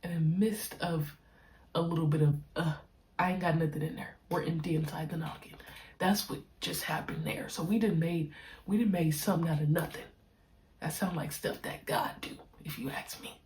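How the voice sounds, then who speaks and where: Young woman podcaster, deep low voice, laid-back slangy monologue, drags out words. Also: fairly even intonation, a little mellow. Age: young adult. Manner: slangy, stretches key words slowly. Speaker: podcast host, pro basketball player. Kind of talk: casual reflective monologue.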